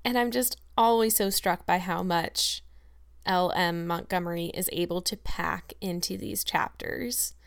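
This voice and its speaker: With a fairly low, gravelly voice, a woman reads from a classic novel and then reflects appreciatively and thoughtfully on the chapter. Her intonation stays fairly even and her pace measured. She works as an audiobook reader and podcast host.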